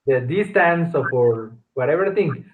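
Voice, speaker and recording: A man whose native tongue is Spanish, leading an online class in halting English with grammar slips. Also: a little high, animated, noisy background. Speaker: class leader. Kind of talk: casual online class talk. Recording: tinny video call line.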